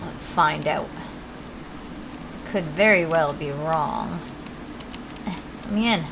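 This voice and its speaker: Low-pitched and creaky, a woman with a Connecticut accent talks slowly while streaming a video game against a noisy background. She rambles casually, answers her chat by reading it aloud, and swears every so often.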